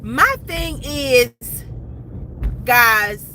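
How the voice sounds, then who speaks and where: A woman's voice: high voice, animated, drawn-out words, pushed and bright, a little hiss or hum, low-quality recording. A woman vlogger speaking urgently to her viewers, repeating herself and calling them guys. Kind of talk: emotional commentary to camera.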